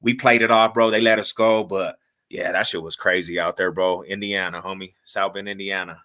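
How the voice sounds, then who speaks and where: A man as a podcast guest, telling a story in a casual, animated, slangy way full of swearing and acted-out quotes. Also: deep voice, moderate pace.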